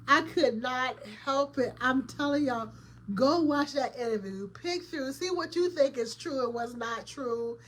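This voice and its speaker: A woman host rattling off opinions in a loose, colloquial commentary, speaking directly to her audience. Her voice sits a little high, and there is faint noise under the recording. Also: unhurried, fairly bright tone. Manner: chatty, opinionated, laughs often, addresses viewers directly; colloquial, emphatic. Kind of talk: casual commentary vlog.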